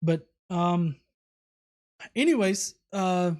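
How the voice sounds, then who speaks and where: A man's voice: high voice, lively intonation, drawn-out words, darkish tone. Casual man reading viewer comments. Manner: casual, many fillers and restarts. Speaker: host.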